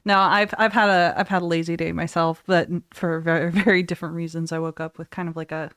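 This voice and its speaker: A woman hosting a casual podcast, chatty and quick to laugh, her voice trailing off softly at times. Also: on the low side, flat delivery, smooth, dry recording, studio quality. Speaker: podcast host.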